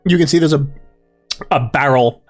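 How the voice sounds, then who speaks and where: A man narrates a tabletop role-playing game as its game master. He talks in a loose, relaxed way full of fillers and small chuckles. Faint music plays underneath. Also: fairly high pitch, moderate pace.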